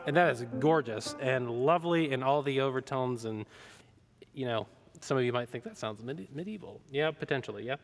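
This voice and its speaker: A man's voice: mid-range voice, fairly quick, big-room sound, soft background music. A man leading a choir rehearsal, talking singers through their parts and counting them in, with a keyboard playing. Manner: upbeat, counts in and sings out vocal lines. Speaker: choir director.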